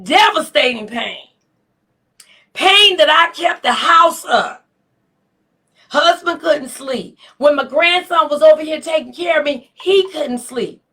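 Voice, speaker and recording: An older woman with a high voice gives a faith-based motivational talk straight to the camera. Her tone is bright and forceful, and her delivery is emotional and exclamatory, like someone giving testimony. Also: expressive, takes it slowly. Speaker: inspirational speaker.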